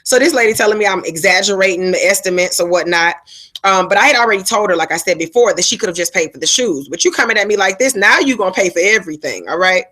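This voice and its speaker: A woman's voice: medium pitch, animated, fast, pushed and bright. Chatty woman telling a story on a live stream. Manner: chatty, slangy, breaks off to answer viewers. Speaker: livestream host. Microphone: phone and laptop setup.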